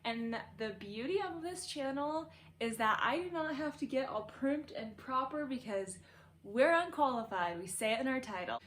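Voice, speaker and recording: A woman's voice: high voice, expressive, normal speed, a bit bright. A young woman casually telling a birth story from her bedroom, chatty and laughing, full of "like".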